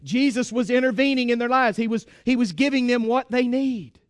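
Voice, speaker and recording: High-voiced preacher exhorting his church. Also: a little fast, no echo, studio quality. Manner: emphatic, exhorting, repeats phrases. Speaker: pastor. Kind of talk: sermon.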